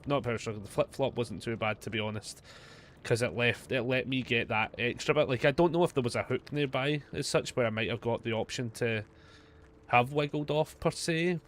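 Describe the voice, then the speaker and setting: A Scottish man talks his way through a game stream in a mid-pitched, chatty voice, with a faint hiss under him. He swears freely and laughs off his own blunders. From Scotland. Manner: chatty, swears a lot, quick to self-mockery. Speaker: gaming streamer. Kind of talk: casual live gameplay commentary.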